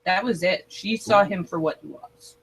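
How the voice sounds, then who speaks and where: An animated co-host of a casual TV recap chat who often chimes in with quick agreements. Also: mid-range voice, creaky, poor audio.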